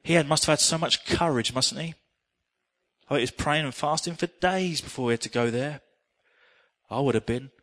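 Earnest preacher telling a testimony. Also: male voice, a little high, normal speed, pauses often. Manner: animated storytelling, earnest. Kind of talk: sermon with personal testimony.

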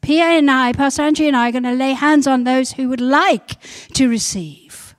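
A woman pastor giving a sermon, building to loud repeated emphasis. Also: high-pitched, normal speed.

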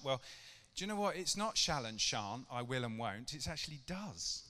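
A middle-aged man gives a relaxed, conversational sermon and keeps asking his congregation questions. His voice is bright and clear. It rings out with the long reverb of a church hall. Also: medium pitch, a little fast, few pauses. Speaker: preacher.

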